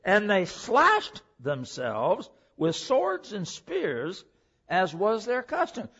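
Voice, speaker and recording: Guy preaching a sermon, kinda high voice that jumps all over, muffled lo-fi recording. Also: slow, husky. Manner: animated preaching, reads scripture aloud. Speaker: pastor.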